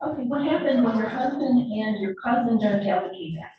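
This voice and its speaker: Woman attorney questioning a witness. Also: fairly high pitch. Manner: measured, frequent "okay". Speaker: prosecutor. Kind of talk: courtroom questioning. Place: courtroom. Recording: echoey distant courtroom audio, lo-fi, noisy.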